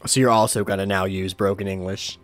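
A man acting as game master, narrating a tabletop game in a halting way with many fillers. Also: deep voice, level tone, a bit bright, faint music behind.

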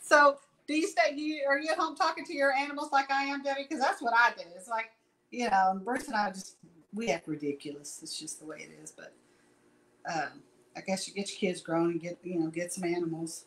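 A woman's voice: on the high side, fairly quick, fairly bright tone, low-quality recording. Chatty woman teaching painting. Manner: chatty, rambling, folksy asides. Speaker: painting instructor. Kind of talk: casual live painting tutorial.

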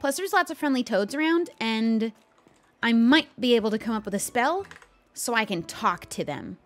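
A woman's voice: on the high side, animated, moderate pace. A woman chatting in character as a humble young witch, bubbly and self-deprecating. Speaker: roleplay series host in character as a witch. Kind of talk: in-character roleplay narration.

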